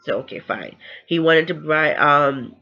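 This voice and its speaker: A woman's voice: low voice, lively intonation, a little slow, vocal fry, pushed and bright, highs cut off. Chatty woman retelling a novel's plot. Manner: chatty, loosely retells scenes and acts out the characters' lines. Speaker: book reviewer. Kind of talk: casual book recap.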